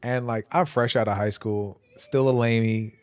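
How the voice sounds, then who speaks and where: A man's voice: medium pitch, fairly even intonation, moderate pace, a little mellow, no echo. A young man casually telling long, rambling stories on a stream, with loose slang and frequent laughter. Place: home.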